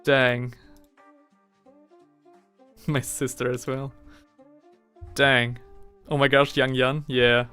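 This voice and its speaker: A young man chatting casually on a live stream, rambling with lots of fillers and slang, and getting excitable at times. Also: medium pitch, extremely slow, long pauses, smooth, soft background music. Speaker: livestreaming miniature hobbyist.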